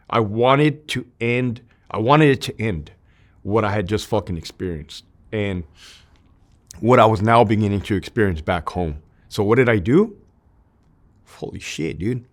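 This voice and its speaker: A man's voice: lowish voice, lively intonation, normal speed. A man in his thirties, an army veteran, speaking as an interview guest in candid, emotional conversation, with a lot of "dude" and "like" and some swearing.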